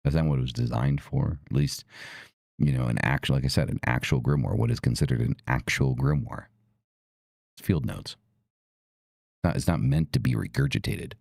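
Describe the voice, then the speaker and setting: Casual podcast host, man, low and gravelly, emphatic and profane. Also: normal speed, long pauses, darkish tone, dry recording. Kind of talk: casual talk.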